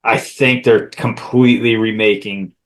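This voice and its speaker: A man co-hosting a podcast, talking in casual crude banter, profane and quick to laugh. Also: lowish voice, steady tone. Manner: profane, laughs often, jokey asides. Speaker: podcast co-host.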